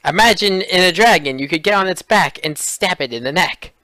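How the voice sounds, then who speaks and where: Tabletop player, bright voice, lively pitch, dry sound, swears a lot. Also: fairly quick, no echo. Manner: excitable, swears freely. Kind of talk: casual tabletop game chat.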